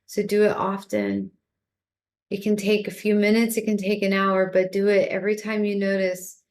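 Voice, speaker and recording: A woman giving a calm spiritual talk as a teacher, gently coaxing and repeating herself as she guides listeners through a meditation practice. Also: mid-range voice, normal speed.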